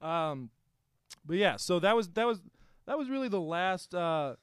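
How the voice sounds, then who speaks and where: This young man's high-pitched, smooth voice swings widely in pitch as he unhurriedly rambles through a history story, full of fillers and restarts. It's casual comedic chat on a comedy podcast he co-hosts in Houston, with no echo.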